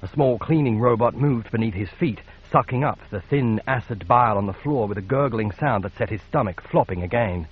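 A man narrating a science fiction audiobook in a measured, steady read. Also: medium pitch, slightly rough, lo-fi sound. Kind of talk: scripted narration.

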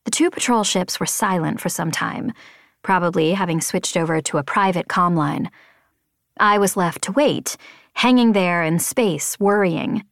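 A woman reading a novel aloud in the first person, with expressive, tense storytelling. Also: on the low side, unhurried, gravelly, no room sound, clean studio sound. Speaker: audiobook narrator.

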